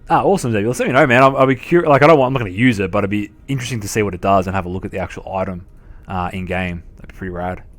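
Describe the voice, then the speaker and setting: Swearing constantly, a young adult Australian man streams a game, giving live commentary and talking with viewers in a relaxed way. His delivery is rapid-fire in a voice on the low side.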